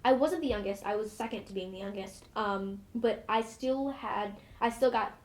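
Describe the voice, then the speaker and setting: Speaking at a moderate pace in a mid-range voice, this young actress is a guest in a casual interview. Her talk is bubbly and meandering, packed with filler words.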